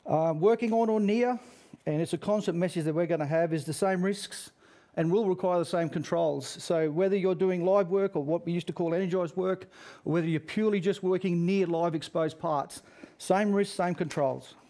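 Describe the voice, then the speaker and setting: A middle-aged man with a fairly high voice talks through a webinar presentation. He is earnest and a little repetitive, coming back to his key message with the odd restart. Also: moderate pace, mellow. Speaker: safety regulator presenter.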